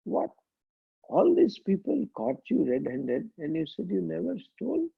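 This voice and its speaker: A man's voice: sits high, huge pitch swings, a little slow, creaky, husky, pitched above the performer's own voice, full character voice. A man voicing a stern, incredulous judge questioning a suspect, heard over tinny phone-like sound. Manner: incredulous, interrogating.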